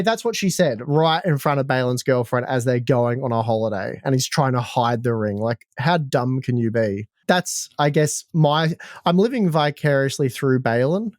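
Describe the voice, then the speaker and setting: A man's voice: medium pitch, normal speed, hardly any pauses, no echo, studio quality. An Australian man co-hosting a podcast, telling a story in a chatty, joking way. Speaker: podcast co-host. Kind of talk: casual chat.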